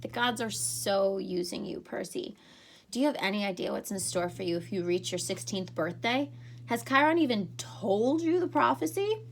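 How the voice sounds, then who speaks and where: A woman voicing a smooth, scornful teenage boy villain in a storybook reading, with a mocking, persuasive manner. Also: medium pitch, animated, normal speed, slight background noise. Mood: taunting.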